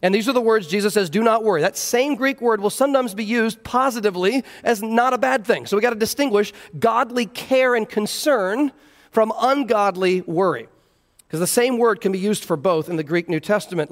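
A man's voice: high-pitched, brisk, in a large hall. A man preaching an expository sermon, earnestly explaining scripture verse by verse. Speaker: pastor.

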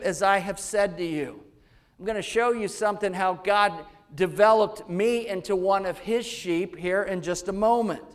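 A man preaching a sermon, emphatic and repeating key phrases to the congregation. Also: high-pitched. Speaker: pastor.

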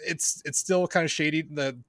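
A man co-hosting a podcast, summing up an episode in casual chat, halting with many uhs and ums. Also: on the high side, fairly even intonation, a bit bright, no echo, studio quality. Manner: halting, full of uh and um. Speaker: podcast co-host.

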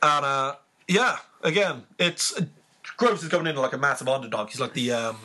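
Bright, husky man talking boxing. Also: medium pitch, normal speed. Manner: rambling, filler-heavy, chatty. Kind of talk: casual sports chat.

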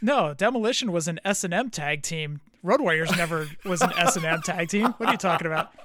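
A man's voice: high-pitched, expressive, brisk, a crowd in the background. A man co-hosting a podcast, casually recounting a past phone call to his co-host.

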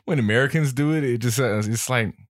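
A man co-hosting a casual podcast, joking in a slangy, animated way. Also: medium pitch, a little fast, dry recording, studio quality. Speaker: podcast co-host. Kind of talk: casual chat.

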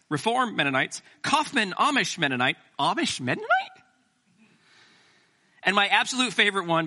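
Man, middle-aged pastor, sermon, high voice, joking asides. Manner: animated, joking asides to the congregation.

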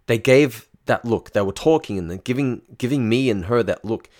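A man's voice: medium pitch, moderate pace, darkish tone. A man telling a frank, casual first-person story, swearing freely.

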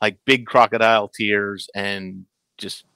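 A man in his thirties hosts a casual chat about a show. His voice is bright and forceful, the sound dry and close, and he tumbles into restarts while acting out what characters say. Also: lowish voice, slow, clear, resonant tone, no echo, low-quality recording. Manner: animated, stammers, acts out quotes. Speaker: podcast host.

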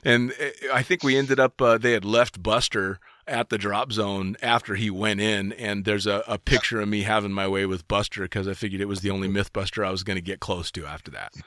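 A man hosting a casual chat, animated, laughing often and swearing freely. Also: lowish voice, a little fast, hardly any pauses, dry recording, clean studio sound. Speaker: podcast host.

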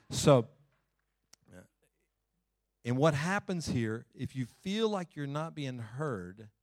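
A man preaching a sermon in a loose, conversational way. He sits at a middle pitch and swings between emphatic lines and hushed, quiet passages. The recording is dry and close. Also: no room sound. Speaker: pastor.

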